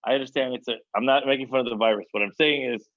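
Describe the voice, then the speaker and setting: A man's voice: mid-range voice, racing. Jokey guy on a video call, laughs a lot, muffled lo-fi sound. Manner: joking, laughs easily. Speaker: co-host. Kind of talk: casual chat on a video call.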